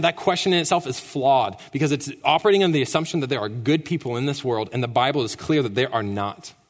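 A young man preaching a sermon in a church, emphatic and conversational, often asking "right?". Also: medium pitch. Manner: animated, emphatic, rhetorical "right?". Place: church sanctuary. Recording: long church reverb.

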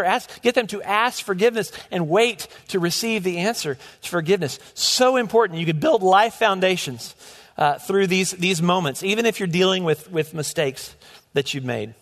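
A man's voice: high voice, a bit bright. A middle-aged man preaching a sermon as pastor, earnest and often restarting his words. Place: church sanctuary. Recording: long hall reverb.

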